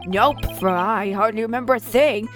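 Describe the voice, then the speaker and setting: A woman's voice: fairly high pitch, moderate pace, fairly bright tone, soft background music, close to an everyday voice. A woman voicing a pompous, fussy male mayor who talks in flowery, grand phrases while reading a game aloud.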